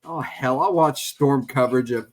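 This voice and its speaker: A man's voice: mid-range voice, moderate pace. A man co-hosting a podcast in casual chat, rambling and trailing off as he talks. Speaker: podcast co-host.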